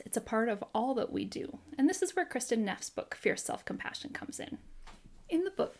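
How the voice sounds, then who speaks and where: Canadian woman, gravelly and fairly high, earnest and encouraging, measured scripted delivery. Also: a little mellow. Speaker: occupational therapist and coach. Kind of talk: scripted talk to camera.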